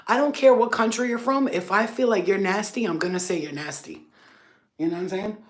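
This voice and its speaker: A woman of Albanian background runs a spiritual healing channel and rants casually to camera, unscripted. Her mid-range voice goes a little fast, and she's blunt, profane, rambling and heavy on fillers.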